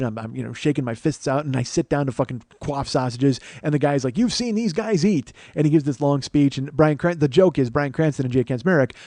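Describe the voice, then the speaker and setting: A man's voice: medium pitch, warm tone, no room sound. A man hosting his own podcast, telling a long comic story in a rambling, profane, self-mocking way. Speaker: comedian podcast host. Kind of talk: solo storytelling monologue.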